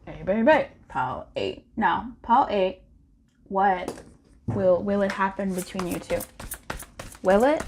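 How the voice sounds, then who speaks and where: A woman's voice: medium pitch, lively intonation, a little slow, pauses often, a little mellow, slight background noise. A woman doing a casual pick-a-card tarot reading, playful and slangy, with frequent laughter.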